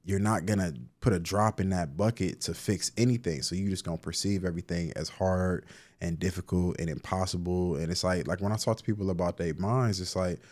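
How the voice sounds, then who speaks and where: A man's voice: deep voice, fairly even intonation, fairly quick, darkish tone. A man in his thirties from Cleveland, a therapist telling stories in a casual interview, slangy, with many restarts and filler words. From Cleveland, Ohio. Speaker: guest, therapist and poet.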